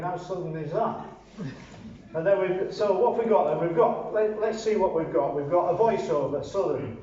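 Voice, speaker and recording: A man's voice: sits high, mellow, slight background noise. An older man from northern England giving dry, sardonic commentary and reading his own poetry. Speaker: poet and commentator. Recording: roomy, distant, muffled mic with faint ambience.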